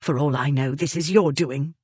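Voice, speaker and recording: A woman's voice: sits low, steady tone, normal speed, darkish tone, slightly rough, no room sound. A narrator voicing a haughty, scornful elderly aristocratic woman, the heroine's great-aunt, in a storybook reading. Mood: accusing.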